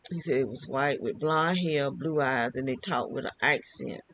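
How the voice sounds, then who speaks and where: A man's voice: mid-range voice, moderate pace, fairly bright tone, dry recording, poor audio. An older man talking alone to camera, rambling and often repeating and restarting his phrases. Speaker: vlogger. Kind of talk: casual monologue.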